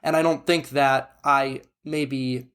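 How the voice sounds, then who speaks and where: A man's voice: mid-range voice, steady tone, slow, a bit bright, clear, resonant tone. A man co-hosting a podcast, talking things through in a thoughtful, reflective way. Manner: thoughtful, reflective, frequent "you know" and restarts. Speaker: podcast co-host. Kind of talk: casual conversation.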